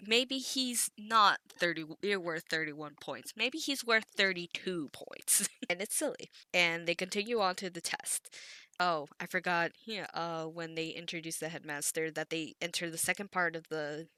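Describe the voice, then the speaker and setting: A woman with a lowish voice that still has a bright, forceful edge, chatting through an episode recap. She rambles, giggles often and stumbles over restarts and stutters. The recording is dry and close. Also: measured pace, no room sound. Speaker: anime commentary creator. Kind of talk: casual recap commentary.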